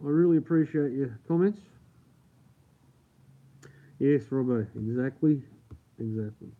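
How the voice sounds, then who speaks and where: A man with an Australian accent and a medium-pitched voice talks at a measured pace while hosting a livestream. It's late at night at home, so he keeps his voice down, though he still curses freely and laughs a lot with viewers. Tinny, phone-like audio.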